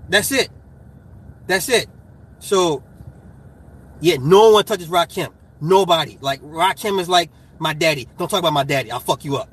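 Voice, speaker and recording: Husky, hyped-up man ranting casually. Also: fairly high pitch, moderate pace, pauses often. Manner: animated, profane, gets hyped and laughs. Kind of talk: casual chat.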